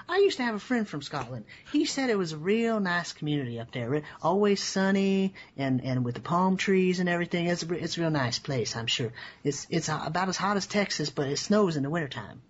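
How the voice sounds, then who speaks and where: A man's voice: high-pitched, big pitch swings, brisk, lo-fi sound, voice pushed up. A man voicing a folksy, rambling small-town police officer who stammers and misses the point. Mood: earnest.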